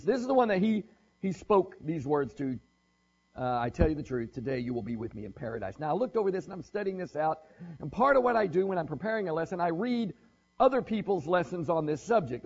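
A man's voice: high-pitched, husky, lo-fi sound. A man preaching a casual, conversational sermon, joking and thinking aloud as he goes.

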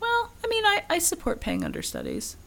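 A woman co-hosting a podcast in casual chat, blunt and lively. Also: fairly quick, gravelly, a crowd in the background. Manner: lively, blunt and swinging in pitch. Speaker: podcast co-host.

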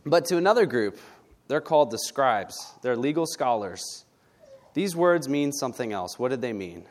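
A man's voice: mid-range voice, expressive, moderate pace. A male pastor preaching a sermon in a blunt, conversational way, often asking "right?". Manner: blunt, conversational, tag questions.

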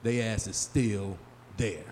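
A man in his forties doing a live stand-up set, working the crowd loudly and acting out his friends in high, excited voices. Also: takes it slowly. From Chicago area. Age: 40s. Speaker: stand-up comedian. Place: small live venue. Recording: live room with long reverb and faint hum.

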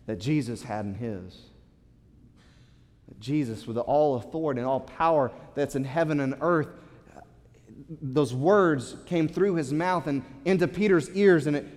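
A pastor preaching a sermon to his congregation in a church, earnest and repeating words as he builds his point. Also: fairly high pitch. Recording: long hall reverb.

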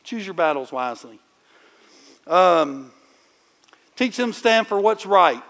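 A middle-aged man preaching in a conversational, animated storytelling way, with sudden loud bursts. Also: high voice, slow pace. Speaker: pastor. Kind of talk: sermon.

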